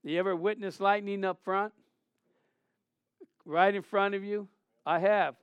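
High, clear-voiced male preacher. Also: a little slow, no room sound, lo-fi sound. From Southern California. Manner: conversational preaching, animated storytelling with repeated restarts. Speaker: pastor. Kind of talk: sermon.

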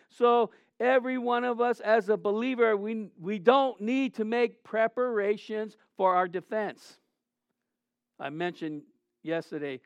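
A middle-aged male pastor preaching a sermon in an animated way, asking the congregation questions and acting out quoted voices. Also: high-pitched, clean tone, no echo, dull audio. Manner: acts out quoted voices in asides.

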